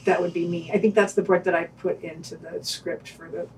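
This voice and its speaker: A woman's voice: fairly low pitch, level tone, fairly quick, a little mellow, distant mic, slight background noise. Woman podcast co-host, wry and hesitant, speaking a little off-mic. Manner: wry, hesitant, restarts her thoughts. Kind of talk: podcast reviews and casual discussion.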